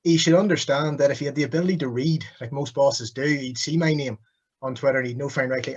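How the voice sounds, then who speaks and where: A man's voice: mid-range voice, fast talker, a little mellow, lo-fi sound. A man in his thirties, a podcast guest, trash-talking with mock arrogance. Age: 30s.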